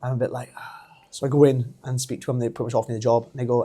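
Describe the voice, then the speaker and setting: A man's voice: mid-range voice, very fast, slightly rough. Chatty welsh man telling a story. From Wales. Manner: animated, laughs often, acts out quoted voices. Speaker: podcast guest, pro wrestler. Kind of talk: casual storytelling interview.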